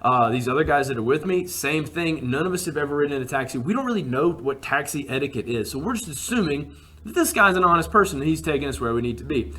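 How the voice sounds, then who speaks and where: A man from Alabama, telling a personal travel story in a casual, animated way and acting out what people said. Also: a little high, fast. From Alabama, USA. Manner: animated, acts out quotes with rising emphasis.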